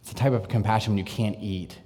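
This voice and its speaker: Male preacher, lowish register, earnest sermon delivery with quiet intense drops, long hall reverb. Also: quick pace. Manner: earnest preaching, swings from energetic to hushed and intense.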